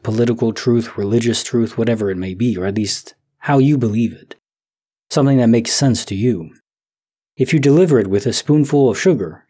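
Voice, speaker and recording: Brief: thirties male sleep story narrator, slow and reflective, dark husky tone. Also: mid-range voice. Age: 30s. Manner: slow, soft, reflective, thinking aloud. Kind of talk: calm musing commentary on listener stories.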